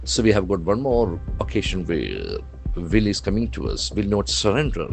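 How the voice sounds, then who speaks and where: A man's voice: fairly low pitch, sing-song, normal speed, gravelly, soft background music. A man teaching vocabulary from the newspaper, spelling words out letter by letter and repeating them for practice. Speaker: English language trainer.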